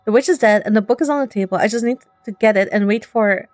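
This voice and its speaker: A woman's voice: medium pitch, darkish tone, dry recording, soft background music, lightly acted. A woman voicing a young student hero in a visual novel, worried and sarcastic, close to her own voice. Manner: sarcastic, quick-thinking, worried. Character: young time-looping student hero, anxious but defiant.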